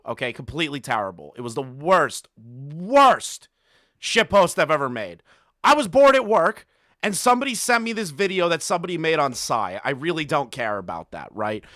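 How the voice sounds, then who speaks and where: A man ranting on his commentary channel, with a bright, forceful voice that leaps all over the place. He is profane and mocking and breaks into laughter between jabs. The sound is dry and close. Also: a little high, very animated, normal speed, dry recording.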